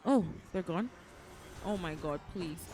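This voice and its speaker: A woman's voice: fairly low pitch, lively intonation, slow. A woman streaming a video game live, talking emotionally and repeating pleading phrases as she plays. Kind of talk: live gaming stream chat. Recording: game music playing behind.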